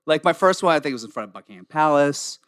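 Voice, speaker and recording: A man telling a long, animated story in a casual podcast chat, swearing freely. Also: fairly high pitch, quick pace, dry recording, studio quality.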